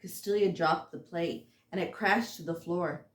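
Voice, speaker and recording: A woman reading aloud from her own fantasy novel, informally and haltingly, stumbling over words and restarting sentences. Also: on the low side, roomy sound. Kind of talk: unpolished audiobook reading.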